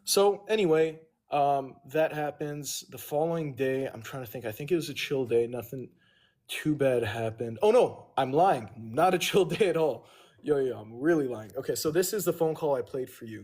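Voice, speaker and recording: A man's voice: mid-range voice, moderate pace, darkish tone. A man on a livestream casually telling a long, profane story and owning his mistakes. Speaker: livestream host.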